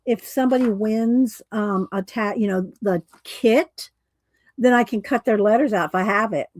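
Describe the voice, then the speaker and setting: A woman's voice: medium pitch, moderate pace, darkish tone, dry recording, rough recording. A woman chatting casually on a live craft stream, thinking aloud as she picks paint colors and reads viewer chat. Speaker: art streamer.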